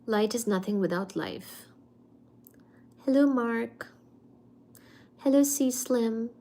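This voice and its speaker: Young female streamer, fairly high voice, chatty and animated while talking science with her viewers. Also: slow pace. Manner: animated and expressive, thinking aloud with laughs. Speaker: livestream science host reading viewer chat. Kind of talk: casual study-stream chat about physics.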